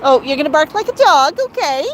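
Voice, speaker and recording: A middle-aged woman with a high, sing-song voice coos to her pet bird at a fairly quick clip while hosting a live-streamed walk through a residential neighborhood. Heavy background noise surrounds her.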